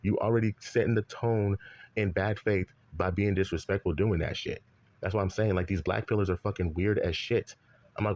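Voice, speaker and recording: A man's voice: low voice, fairly even intonation, moderate pace, darkish tone, dull audio. Heated, profane man ranting. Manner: heated, profane, repetitive rant. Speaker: commentator. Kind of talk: ranting commentary.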